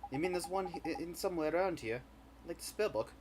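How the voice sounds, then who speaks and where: A man's voice: on the high side, a little fast, background noise, voice pushed up, natural voice. A man voicing an earnest, hesitant young boy hero in game dialogue, in a plain reading voice. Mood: puzzled.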